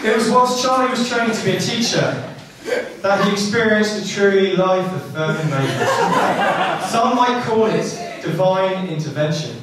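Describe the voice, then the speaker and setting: Man giving a best man speech in an echoey hall. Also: high voice. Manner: dry joke delivery, pausing for laughter. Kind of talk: wedding speech. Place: wedding reception hall. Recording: echoey hall from far off, crowd laughing. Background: guests laughing.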